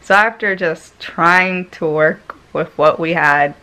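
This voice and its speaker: A woman vlogger telling a personal story in a casual way, laughing often and swinging between loud and hushed tones. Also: on the low side, takes it slowly.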